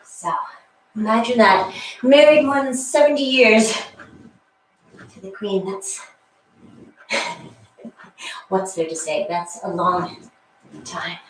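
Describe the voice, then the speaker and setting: A woman's voice: medium pitch, slow, long pauses. A woman leading a guided workout class, counting reps with chatty asides and slightly out of breath. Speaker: fitness instructor. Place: exercise room with a wall. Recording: echoey room, mic far off.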